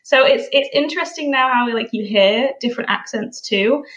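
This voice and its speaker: A woman's voice: on the high side, moderate pace, fairly bright tone. A young woman from Yorkshire with a slightly transatlantic Yorkshire accent, a friendly, rambling podcast guest full of fillers, heard over a call. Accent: Yorkshire English with a transatlantic tinge. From Yorkshire, England. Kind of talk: casual chat. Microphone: remote call. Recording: dull lo-fi call audio.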